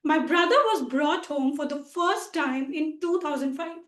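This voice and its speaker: A young Indian woman delivers a comic contest speech, telling her story playfully with dramatic emphasis. Her voice is high and she speaks at an unhurried pace. The video call audio has a roomy echo. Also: a bit bright. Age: 20s.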